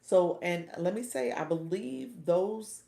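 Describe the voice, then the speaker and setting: A woman's voice: lowish voice, slow pace, gravelly, dark tone, echoey room. A middle-aged woman from Florida, hosting a casual livestream from home, chatty and often laughing as she talks to her viewers. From Orlando, Florida. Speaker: livestream host and coach.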